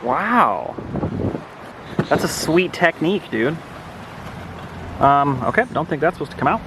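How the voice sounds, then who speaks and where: Give me a teasing man talking slowly with a lively voice, outdoors with noise. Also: a little high. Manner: teasing, joking commentary. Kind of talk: casual family vlog chatter. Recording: noisy outdoor phone audio.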